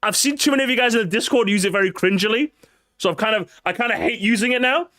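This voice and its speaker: A young man streaming casually, excitable and profane, talking straight to his chat. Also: high voice, fast talker, no echo, clean studio sound. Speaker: streamer reacting to a video.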